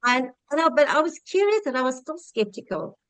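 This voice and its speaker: A woman in her fifties with a South African accent gives a heartfelt, rambling personal testimony over a video call. Her voice sits fairly high for a woman. The sound is dry, with no room echo. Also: very animated, brisk, a bit bright. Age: 50s. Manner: earnest, heartfelt, rambling with restarts. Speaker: guest sharing her success story.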